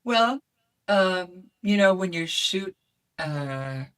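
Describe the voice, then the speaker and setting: Animated woman voice coach. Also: on the low side, extremely slow, recorded from a distance. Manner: expressive, demonstrative, animated. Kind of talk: podcast interview guest.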